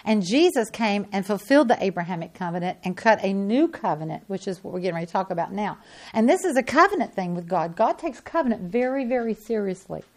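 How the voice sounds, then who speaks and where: A woman preaching a sermon in a folksy, emphatic way that swells into loud insistence. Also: medium pitch, very animated, fast talker.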